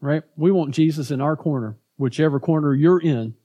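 A pastor preaching a conversational sermon, often repeating words and tagging points with "right?". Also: male voice, a little high, moderate pace, dark tone.

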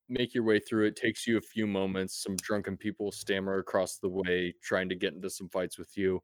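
A man's voice: fairly low pitch, no room sound, clean studio sound. A man narrating as game master of a tabletop game, laid-back and profane, with many fillers.

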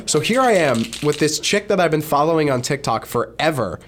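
A man's voice: a little high, animated, a little fast, fairly bright tone. A young man co-hosting a college podcast, chatting casually and retelling stories with quoted voices. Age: young adult. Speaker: podcast co-host. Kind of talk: casual chat.

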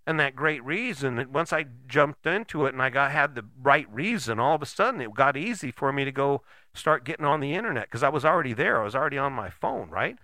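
A man's voice: medium pitch, lively intonation, fast, pushed and bright, dry recording. An older man giving a casual motivational talk, folksy and blunt, often checking in with "right?".

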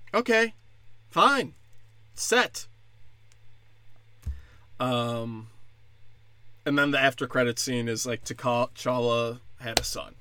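A man's voice: medium pitch, animated, slow pace, long pauses, bright, forceful tone, dry recording. A man ranting in a casual, comedic way as a podcast host, sarcastic and profane.

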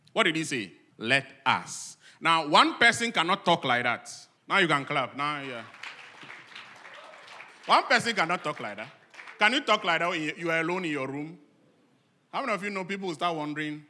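Male pastor, high voice, piercing tense tone, preaching a sermon to a church congregation, asks questions and answers them himself. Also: lively intonation, normal speed, some chatter behind. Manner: swings between loud emphatic lines and soft low asides. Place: church service with a live congregation.

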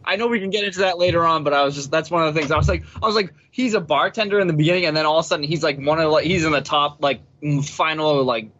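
A man in casual movie chat with friends, excitable, swearing and laughing a lot. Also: a little high, racing, few pauses, no room sound, muffled recording.

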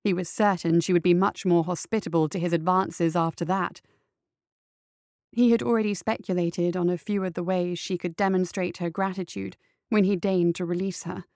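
A woman narrating a story in a steady, measured reading voice. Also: fairly low pitch, dry recording, studio quality.

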